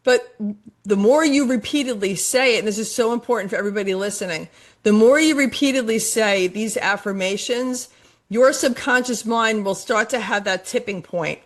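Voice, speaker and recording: A middle-aged woman with a fairly high voice, speaking as a guest coach in a podcast interview. She talks earnestly and emphatically and circles back to repeat her key points. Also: normal speed. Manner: earnest, repetitive, emphatic about affirmations.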